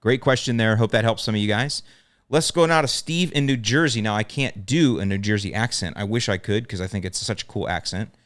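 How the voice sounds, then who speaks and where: Man, podcast host, plainspoken, repeats himself for emphasis, low smooth voice, dry close sound. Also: a little fast, a bit bright, no room sound. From American South. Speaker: podcast host answering lawn care questions. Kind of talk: casual podcast talk.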